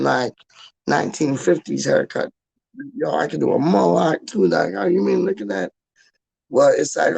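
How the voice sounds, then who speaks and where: A man's voice: fairly high pitch, creaky, husky, low-quality recording. A man chatting loosely late at night at home, calling the viewer "dog" and breaking into football chants. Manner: keeps saying "dog" and "how you mean", sings football chants. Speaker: vlogger. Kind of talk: rambling late-night casual chat. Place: home, just out of the shower.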